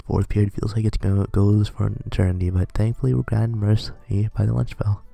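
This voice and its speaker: A man reading a visual novel aloud, narrating in a dry, deadpan way. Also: fairly low pitch, a little fast, vocal fry, no echo.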